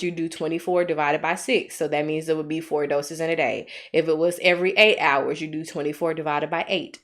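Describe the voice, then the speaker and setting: Alabama lady tutoring nursing students live, chatty and encouraging, slows down on the steps. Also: sits low. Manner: chatty, encouraging, reads viewer comments aloud; slow, deliberate when working steps.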